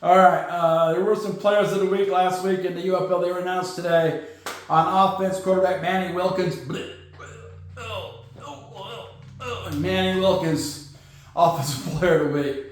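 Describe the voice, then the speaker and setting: A man hosting a sports podcast, talking casually in an animated, sarcastic, joking way. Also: high-pitched, normal speed, a little hiss or hum. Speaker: podcast host. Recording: very echoey room.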